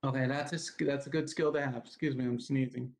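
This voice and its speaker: A man's voice: mid-range voice, steady tone, fast, vocal fry. A man leading an online devotional lesson for children over a video call, patiently spelling words out letter by letter.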